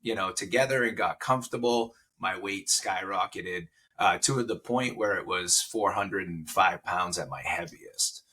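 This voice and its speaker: A man's voice: low-pitched, unhurried, few pauses, pushed and bright, husky. A man in his forties, a podcast guest, telling a personal story in casual conversation and getting emotional. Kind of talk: casual interview chat.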